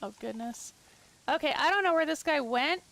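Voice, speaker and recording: A woman's voice: high-pitched, lively intonation, normal speed, vocal fry, a crowd in the background. A middle-aged woman hosting a livestream, chatting casually and teasing her co-player while gaming. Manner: playful, teasing, opinionated. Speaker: livestream host.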